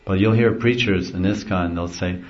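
A man's voice: low voice, moderate pace, a little mellow. A middle-aged man, a spiritual teacher, giving an easygoing devotional talk and chuckling often as he explains. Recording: dull lo-fi recording.

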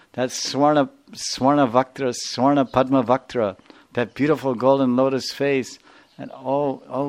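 A man's voice: medium pitch, creaky, voice pushed up. A man voicing a young divine cowherd boy wailing with longing, in anguished cries.

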